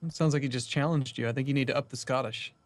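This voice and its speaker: A man's voice: mid-range voice, fairly even intonation, fast talker, no room sound. Matter-of-fact man in a game chat. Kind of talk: casual gaming chat.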